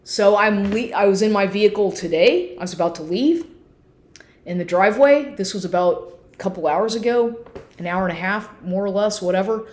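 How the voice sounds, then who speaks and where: A woman's voice: medium pitch, moderate pace, long pauses, reverberant. A woman vlogging an angry personal rant at home, swearing constantly and firing off indignant rhetorical questions.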